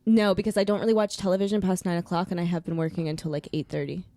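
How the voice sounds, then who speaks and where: A woman's voice: lowish voice, rapid-fire, mellow, no echo. A young adult woman hosting a podcast in casual chat, giggly and rambling with lots of filler words. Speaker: podcast host.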